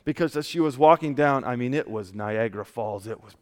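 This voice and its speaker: Smooth-voiced pastor in a reverberant church. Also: male voice, medium pitch, a little fast. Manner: casual, dropping often to a soft hushed tone. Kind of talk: conversational sermon with stories. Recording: long church hall reverb.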